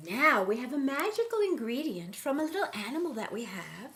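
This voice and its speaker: A woman's voice: high-pitched, sing-song, a little fast, fairly bright tone, slight background noise. A woman clowning her way through a mock cooking demonstration, playful and teasing in a sing-song way. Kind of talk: mock cooking show comedy.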